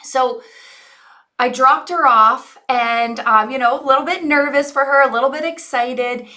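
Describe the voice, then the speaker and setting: A woman's voice: high voice, a little slow, bright, forceful tone. A woman in her forties, an online business coach, earnestly telling a personal story to her audience in a reflective, coaching way.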